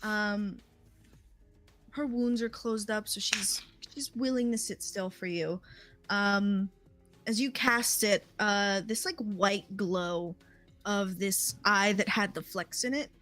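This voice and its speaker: A woman running a tabletop game as game master, talking hesitantly with many pauses and fillers. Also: mid-range voice, steady tone, fairly bright tone, soft background music. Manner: hesitant, many ums and likes.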